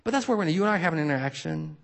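A man's voice: fairly high pitch, expressive, rapid-fire, creaky, fairly bright tone. A male pastor preaching a casual, conversational sermon, with many fillers and asides, who drops almost to a whisper when he recites prayers.

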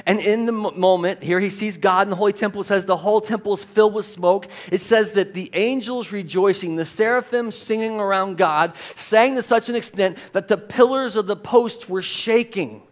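High-voiced man preaching a sermon. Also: moderate pace, hardly any pauses. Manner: emphatic, animated preaching with rhetorical questions. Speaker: pastor.

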